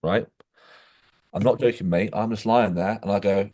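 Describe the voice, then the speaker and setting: A man co-hosting a podcast, telling stories in animated casual chat, saying "mate" often and acting out quoted voices. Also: moderate pace. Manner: animated storytelling, says "mate" constantly; acts out quoted voices with jumps in pitch. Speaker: podcast co-host.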